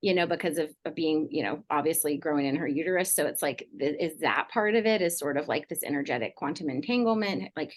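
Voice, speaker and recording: A middle-aged woman counselor talking casually on a podcast, rambling with many fillers like "like" and "you know". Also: sits low. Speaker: mental health counselor guest.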